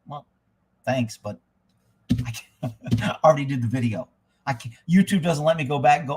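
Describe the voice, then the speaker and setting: Casting: middle-aged man, high-pitched voice, loud, blunt type A ranter, swears constantly. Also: brisk, pauses often. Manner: loud, profane, type A storyteller. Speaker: host of a live stream. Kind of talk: casual ranting monologue.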